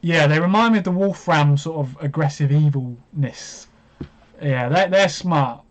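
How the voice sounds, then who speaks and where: Male streamer, slightly high voice, rambling commentary with excited outbursts, dull lo-fi audio. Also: measured pace. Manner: chatty, hesitant, bursts into excited reactions. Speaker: live stream host. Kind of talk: live watch-along commentary.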